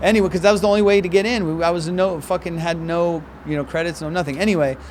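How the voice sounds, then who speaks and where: A man's voice: a little high, fairly even intonation, fast talker, slight background noise. A male stand-up comedian telling a rambling, profane story in casual chat on an outdoor balcony. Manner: rambling, profane, acts out quoted voices.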